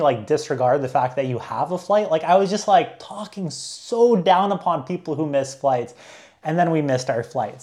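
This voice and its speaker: A young man, a travel vlogger, telling a story casually, full of filler likes and restarts. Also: a little high.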